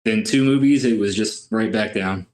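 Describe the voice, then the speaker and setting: A man from Louisiana, a podcast guest, talking in a relaxed, rambling way with lots of fillers. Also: lowish voice, normal speed. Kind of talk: casual chat.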